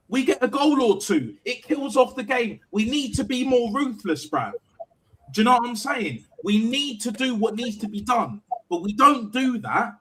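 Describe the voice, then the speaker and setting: A man in a heated fan reaction, his voice pitched high and swinging wildly up and down. He keeps driving his points home, again and again, with slangy emphasis. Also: fairly bright tone, low-quality recording. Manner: emphatic, repeats "do you know what I'm saying". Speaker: fan channel host. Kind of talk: passionate football fan reaction.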